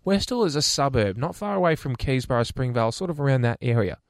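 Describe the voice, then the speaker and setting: A man's voice: mid-range voice, animated, fast talker, no room sound, studio quality. A man with an Australian accent co-hosting a radio show, telling stories and teasing his co-host in casual banter. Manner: storytelling, teasing, stumbles over names.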